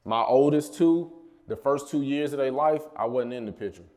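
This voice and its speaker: A man's voice: mid-range voice, normal speed, darkish tone. A man in his thirties giving a casual, personal talk at a college mental health event, telling family stories and calling out to the audience. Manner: casual, personal storytelling with call-and-response asides. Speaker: speaker at a mental health summit. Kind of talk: motivational talk to students.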